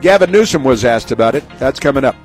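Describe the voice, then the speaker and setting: A man's voice: medium pitch, lively intonation, fast talker, soft background music. A man hosting a talk radio show, delivering an opinionated monologue in a sarcastic, rambling way full of fillers and restarts.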